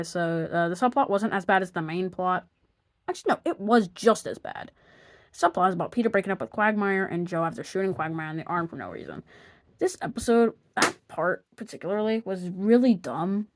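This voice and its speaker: A woman narrating an opinion review of cartoon episodes, sarcastic and exasperated, sometimes dropping to a mutter. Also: mid-range voice.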